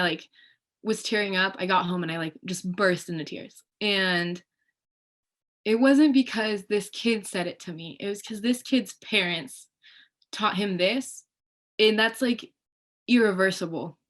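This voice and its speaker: A young woman, a student guest on a panel, telling a personal story in casual speech and acting out other people's voices. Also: medium pitch. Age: young adult. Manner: animated, acts out others' voices in quotes.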